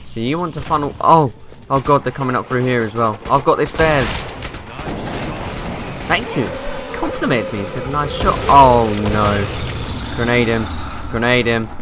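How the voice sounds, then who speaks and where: A young man commenting on a shooter game as he plays, excitable and yelling when things go wrong. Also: mid-range voice, measured pace, pauses often. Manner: excitable, yelling in panic during fights. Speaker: gaming YouTuber. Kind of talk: gameplay commentary. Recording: gunfire noise behind voice. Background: game gunfire and effects.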